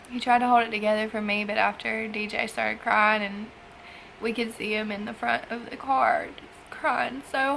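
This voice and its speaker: A young woman, a foster mother, talking in an emotional personal vlog, halting and tearful with sighs and trailing phrases. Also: on the high side, gravelly, fairly bright tone, a little hiss or hum, low-quality recording. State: emotional after crying. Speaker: foster parent vlogger.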